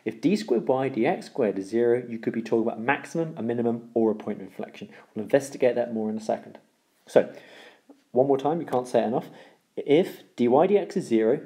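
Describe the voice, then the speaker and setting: A man teaching a recorded maths lesson, explaining step by step, repeating the key rules and checking in with "okay?". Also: mid-range voice. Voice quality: gravelly, dark voice.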